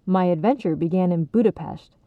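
A woman's voice: on the low side, a little fast, dry recording, natural voice. A woman reading a kindly, theatrical dad. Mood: storytelling. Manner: gentle, grand storytelling. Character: kindly father, theatrical storyteller. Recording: tinny phone-like sound, dry.

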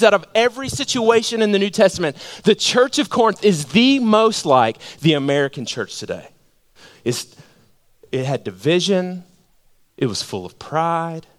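Animated casual male pastor, high lively voice. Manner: casual and animated, with slang fillers. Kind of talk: sermon. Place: church sanctuary.

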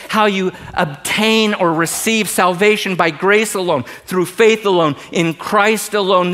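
A middle-aged male pastor preaching a sermon in an animated, joking way, swinging from loud emphasis to hushed asides. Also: high voice.

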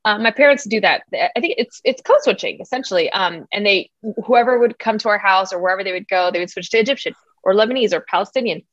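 A woman comedian chatting in an interview, telling animated stories with frequent fillers and laughs. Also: fairly low pitch, dry recording. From United States. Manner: animated storyteller, laughs often, many ums and likes. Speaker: comedian guest. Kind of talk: casual interview chat. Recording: dry, dull lo-fi sound.

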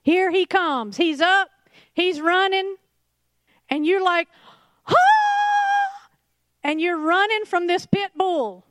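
A woman preaching a lively sermon, laughing and acting out little scenes as she talks. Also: very high-pitched, slow pace.

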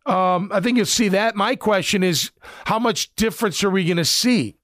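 A man's voice: high voice, moderate pace, fairly bright tone, dry recording, studio quality. A middle-aged man, a former football player, giving casual sports commentary in a blunt, rambling way with lots of fillers.

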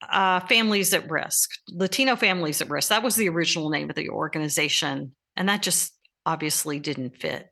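Woman introducer, low pitch, bright tone, measured. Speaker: show introducer. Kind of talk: spoken introduction.

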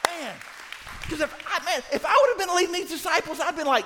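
A man preaching a sermon as a guest pastor, swinging from soft passages to shouting. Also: very high voice, lively intonation, moderate pace, some chatter behind. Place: church sanctuary. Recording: reverberant church hall.

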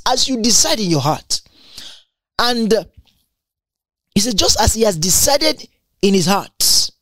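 A woman giving a Bible teaching sermon, reading verses aloud and explaining them in an animated, exclamatory way, often stumbling and repeating words. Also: a little high, no echo.

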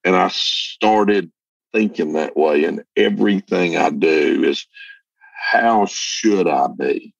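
A man's voice: low voice, creaky, husky, no echo. An older man telling a story in plain, earnest words as a podcast guest. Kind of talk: casual storytelling chat. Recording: muffled distant lo-fi audio.

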